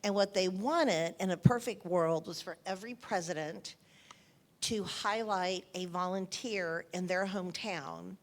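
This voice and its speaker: A woman's voice: lowish voice, measured pace. An older woman in an onstage interview, telling anecdotes in an emotional way and often repeating her phrases. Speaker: interviewed author.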